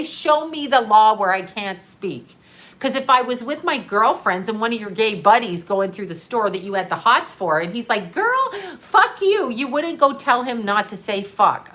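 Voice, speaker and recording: Sarcastic woman ranting on a live stream. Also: medium pitch. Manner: animated, sarcastic, laughs often. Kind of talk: casual live-stream rant.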